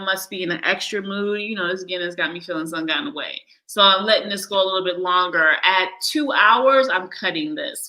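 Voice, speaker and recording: A woman's voice: mid-range voice, pushed and bright, rough recording. A woman hosting a casual live chat from Ghana, blunt and swearing, often breaking into laughter. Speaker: livestream host. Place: lives in Ghana.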